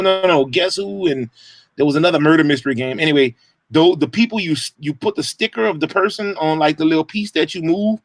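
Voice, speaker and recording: Co-host, rambling and hesitant, fairly high voice. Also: male voice, dry recording. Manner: rambling, hesitant, lots of fillers. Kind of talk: casual sports talk show.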